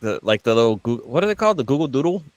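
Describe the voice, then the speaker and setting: A man's voice: very fast, no room sound. A man co-hosting a podcast, telling stories in casual, profane chat. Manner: animated storyteller, swears freely, lively pitch. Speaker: podcast co-host.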